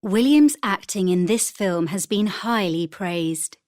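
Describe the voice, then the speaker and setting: A woman reading vocabulary words and example sentences for a textbook in a clear, deliberate manner. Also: mid-range voice, expressive, darkish tone, dry recording, studio quality. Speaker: textbook audio reader.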